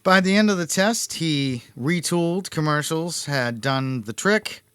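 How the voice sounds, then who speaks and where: A man's voice: a little high, animated, measured pace, fairly bright tone, clean tone, no room sound. Jokey man hosting a podcast. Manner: jokey, laughs at his own asides. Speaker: podcast host. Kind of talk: casual podcast chat, reading notes aloud.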